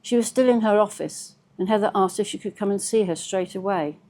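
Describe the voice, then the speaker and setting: Woman author reading with a mellow voice. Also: medium pitch. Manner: measured, steady storytelling. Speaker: author reading her novel. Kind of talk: reading aloud from a novel.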